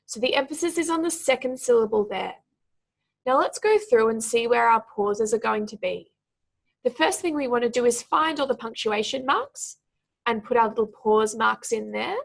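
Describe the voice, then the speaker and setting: A woman speaking tutor explains an exam task in a clear teaching tone. Her voice sits a little high and has a gravelly, fry-tinged edge. She slows right down when she models words, pulling each one apart into its syllables. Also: lively intonation. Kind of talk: exam pronunciation lesson.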